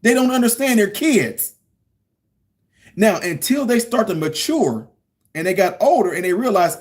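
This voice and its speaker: A man's voice: fairly high pitch, expressive, brisk. A middle-aged man giving a casual commentary rant, emphatic and preachy, repeating his points. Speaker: political commentary vlogger.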